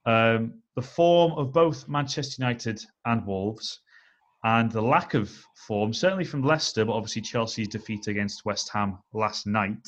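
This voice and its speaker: A man co-hosting a casual football chat, weighing his points in a steady, analytical way with frequent "I think" and "um". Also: on the low side, highs cut off. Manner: measured, analytical, leans on "I think" and "um". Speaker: podcast co-host.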